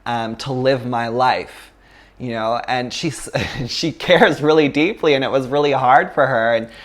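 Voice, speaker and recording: A man's voice: mid-range voice, unhurried. A man from Canada, a yoga teacher giving a chatty, casual philosophy talk, full of fillers and laughs.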